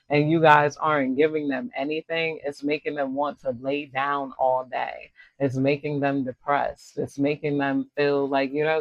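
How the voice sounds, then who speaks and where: In a fairly high voice, a tarot reader from the United States rambles casually through a reading, full of slang and side comments, in an American accent. The sound is lo-fi and dry, with no echo.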